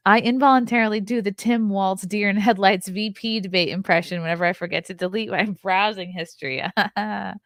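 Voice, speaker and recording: A woman's voice: mid-range voice, fairly even intonation, a little fast, few pauses, fairly bright tone, no echo, studio quality. Upbeat woman host reading the chat. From Long Island, New York. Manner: upbeat, reads out chat comments. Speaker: livestream host. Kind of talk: casual livestream chat.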